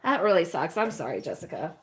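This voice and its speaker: A woman's voice: fairly low pitch, very animated, a little fast, a little hiss or hum. A woman chatting casually with her live-stream viewers while she paints, rambling and often laughing and cooing at puppies, indoors at a home.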